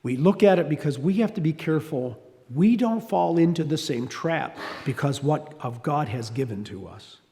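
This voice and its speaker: Lively high-voiced preacher in a hall. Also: male voice, normal speed. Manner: conversational preaching with restarts and asides. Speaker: pastor. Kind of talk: sermon. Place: church hall. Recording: reverberant hall.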